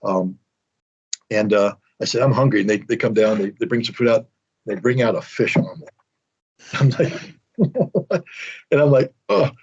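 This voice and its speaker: American man, middle-aged, casual storyteller, husky voice, muffled recording. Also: fairly low pitch, normal speed, long pauses, darkish tone. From United States. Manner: anecdotal, self-mocking, acts out quotes. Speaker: guest telling a story. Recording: dull lo-fi audio.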